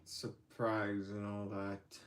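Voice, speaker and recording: A man's voice: fairly low pitch, monotone, slow pace. A man hosting his own livestream, chatting casually with lots of fillers and restarts. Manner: rambling, hesitant, many fillers. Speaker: channel host.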